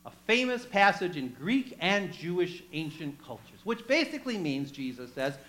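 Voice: medium pitch, big pitch swings, moderate pace, fairly bright tone, rough recording. A preacher giving a sermon, retelling a story with chatty asides to the congregation and acting out the voices in it. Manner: acts out quoted voices.

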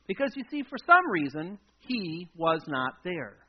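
A man preaches a sermon in a high, light voice. He tells the story with drama, swinging between loud emphasis and hushed, intimate lines. The recording sounds dull and lo-fi. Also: sing-song, unhurried, slightly rough. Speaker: pastor.

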